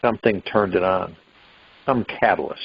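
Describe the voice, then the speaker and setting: Husky man musing on a phone call. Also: low-pitched, moderate pace. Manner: rambling, musing, with sudden rises into acted quotes. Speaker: meditation call host. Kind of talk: spiritual talk on a phone-in meditation call. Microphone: phone line. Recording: dull lo-fi phone call audio.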